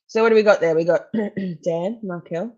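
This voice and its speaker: Laughing and cursing freely, a woman rambles through casual live-stream chat over court footage as a true crime streamer. She talks at a normal pace in a darkish, lowish voice, and the recording has its highs cut off.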